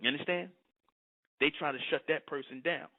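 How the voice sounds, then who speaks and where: A man's voice: on the high side, fairly quick. Preachy man on a tinny line. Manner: preachy, repetitive, rhetorical questions. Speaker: commentator. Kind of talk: preaching monologue. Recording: tinny phone-like sound.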